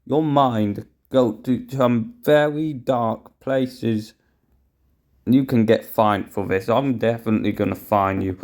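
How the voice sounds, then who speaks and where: A man's voice: mid-range voice, darkish tone. A young man giving outraged play-by-play wrestling commentary, swearing and talking to viewers as guys.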